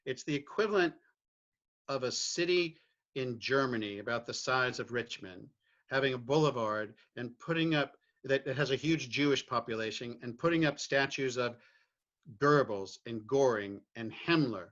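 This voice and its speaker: A man's voice: mid-range voice, expressive, normal speed, a bit bright, muffled recording. A middle-aged man from Virginia, a podcast guest speaking candidly and reflectively about his family and his views, often restarting his phrases and checking in with "right?". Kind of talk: candid personal conversation.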